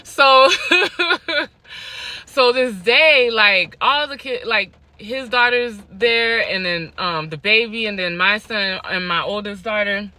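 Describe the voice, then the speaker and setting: A young woman tells her own story for a vlog audience, animated and emphatic, repeating phrases to drive them home. Her voice is very bright and sharp, sitting at an ordinary pitch for a woman. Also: takes it slowly, no echo. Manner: animated, emphatic repeats, laughs between lines.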